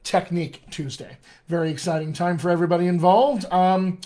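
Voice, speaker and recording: An American man with a fairly high speaking voice runs a relaxed live-stream lesson as a dialect coach. He chats loosely, greets viewers by name and fills his sentences with ums and uhs, and he sounds like he is talking into a computer mic. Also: brisk. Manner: chatty and filler-heavy, greets viewers by name. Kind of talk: casual live-stream teaching.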